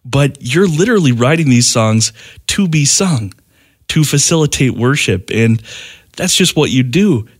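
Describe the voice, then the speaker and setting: A man hosting a radio interview, warmly enthusiastic and full of praise for his guest. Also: medium pitch, lively intonation, unhurried, slightly rough. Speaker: radio host.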